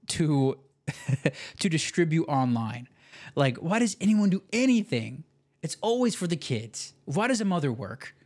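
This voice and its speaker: A young man hosting a podcast, talking in an excitable, slangy way full of "like" and "dude". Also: fairly high pitch. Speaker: podcast host. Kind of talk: casual podcast commentary.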